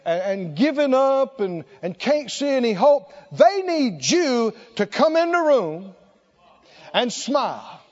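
A man's voice: very high-pitched, sing-song, takes it slowly, a little mellow, dull audio. A man preaching a sermon, emphatic and exclaiming, repeating short phrases for effect.

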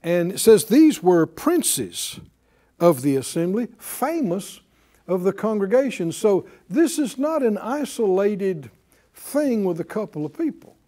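High, animated preacher man. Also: measured pace. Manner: lively, emphatic, call-and-response preaching. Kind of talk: sermon.

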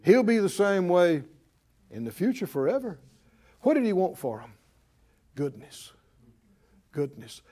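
A pastor with a warm, medium-pitched voice preaches emphatically, repeating phrases and drawing call-and-response from his congregation.

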